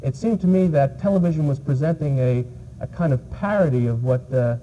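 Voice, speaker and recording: A man from New York, a visiting English teacher, answers an interviewer in a dark, very mellow voice. He stops often on uh and um while he gathers his thoughts. The sound is dull and muffled, with a faint hiss behind it. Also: a little high, a little fast. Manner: hesitant, many fillers.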